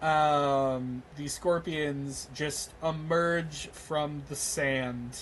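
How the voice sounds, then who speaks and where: A man narrating as game master of a tabletop game, slow and hesitant with many pauses and ums. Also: fairly high pitch, steady tone, slight background noise, low-quality recording.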